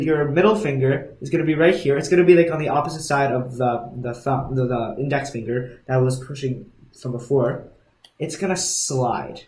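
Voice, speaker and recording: Rambling young man in an echoey room. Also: medium pitch. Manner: rambling, self-correcting, many restarts and ums. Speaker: magic tutorial host. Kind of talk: casual instructional walkthrough.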